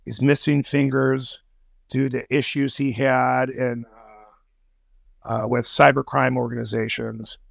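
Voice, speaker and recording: A man appears as a podcast guest, an intelligence analyst, talking in a loose interview full of slang, swearing, fillers and false starts. His voice sits in the mid range with a creaky edge, and he speaks in a level tone at a slightly slow pace. There's no room sound on the recording.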